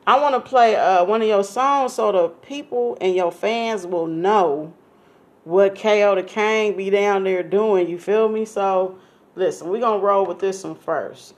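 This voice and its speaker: A woman's voice: mid-range voice, unhurried, a little mellow. A young woman from California hosting a casual radio interview, chatty and playful, who calls herself nosy. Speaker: radio show host.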